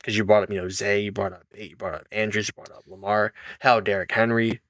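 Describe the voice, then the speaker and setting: A young man co-hosting a sports podcast, talking in a relaxed, conversational way. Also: on the low side, quick pace, no room sound. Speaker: podcast co-host. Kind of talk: casual sports podcast chat.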